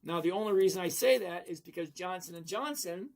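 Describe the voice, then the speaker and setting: A high-pitched man talks casually to his livestream viewers. He is chatty and teasing, calling out viewers by name as he answers their questions. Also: a little fast.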